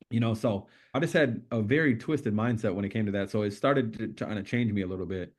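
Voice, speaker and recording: A man's voice: on the low side, fast talker, few pauses. Blunt, profane man telling his story. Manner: casual, profane, streetwise storytelling. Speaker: podcast guest. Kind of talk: candid storytelling interview.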